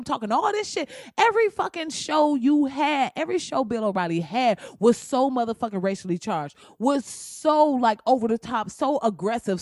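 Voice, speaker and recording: A woman's voice: mid-range voice, darkish tone, no room sound, studio quality. A woman commentator delivering a blunt, profane comedic rant, slipping into mocking voices.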